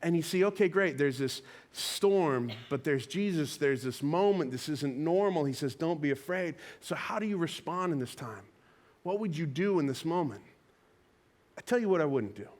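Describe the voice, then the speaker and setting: Brief: male pastor, sermon, chatty storyteller acting out quotes, higher voice. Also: moderate pace. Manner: conversational, animated storytelling with acted-out quotes. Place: church auditorium.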